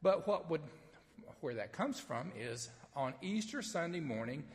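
A man with a Southern accent, a pastor from Mississippi, preaching an Easter sermon in a folksy storytelling way with gentle humor. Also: on the high side, very animated, measured pace, big-room sound. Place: sanctuary with only a few people present.

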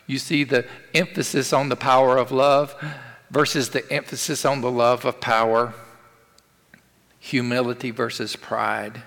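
A man's voice: medium pitch, little pitch movement, measured pace, gravelly, fairly bright tone. Man preaching in a long-reverb hall. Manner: conversational preaching, rhetorical questions and emphatic repetition. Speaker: pastor. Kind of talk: sermon.

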